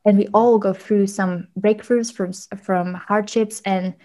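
A woman working in media, a guest telling animated stories with frequent laughs and fillers in a casual interview. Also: medium pitch, measured pace, rough recording. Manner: animated storyteller, laughs often, many fillers.

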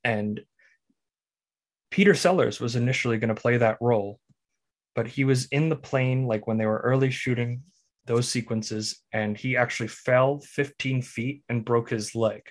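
A man at a mid pitch, co-hosting a podcast and talking casually about a film. He explains the plot at length to set up each clip. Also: moderate pace. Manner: explains plot and sets up clips. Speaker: podcast co-host.

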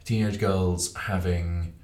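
A young man co-hosting a podcast, chatty and quick to laugh as he talks about films. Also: sits low, fairly even intonation, a little mellow. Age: young adult. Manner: chatty, laughs easily, restarts a lot. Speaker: podcast co-host. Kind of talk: casual chat. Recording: echoey room.

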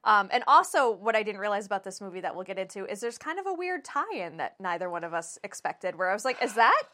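Bright, animated woman co-host. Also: mid-range voice, quick pace, a little hiss or hum. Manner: animated, swearing, frequent laughs. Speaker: podcast co-host. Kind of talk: casual chat.

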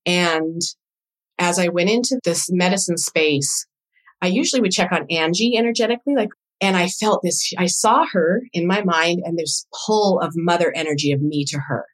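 A woman's voice: on the low side, normal speed. A woman guest on a podcast, a doula coach telling a personal story in an earnest, reflective and emotionally open way.

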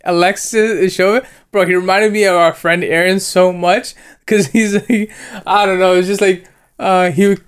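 A man's voice: sits high, normal speed, clean tone. A young man chatting casually about a film, rambling and slangy as he retells scenes. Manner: rambling, animated slang-heavy storytelling. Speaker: co-host reviewing a film. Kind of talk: casual chat.

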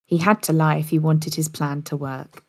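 A woman's voice: sits low, level tone, moderate pace, darkish tone, dry recording, clean studio sound. A woman narrating a story in a casual podcast style, with occasional slips and restarts.

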